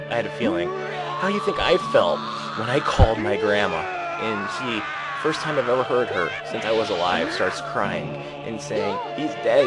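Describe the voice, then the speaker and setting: A nineteen-year-old man in an angry, profane rant, breaking into shouts. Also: medium pitch, poor audio. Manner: furious, profane, bursts into shouting.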